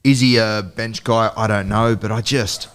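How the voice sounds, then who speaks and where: Deep-voiced, opinionated Australian man. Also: steady tone, normal speed, a bit bright, clean tone. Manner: earnest, opinionated. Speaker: podcast co-host. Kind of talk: casual sports chat.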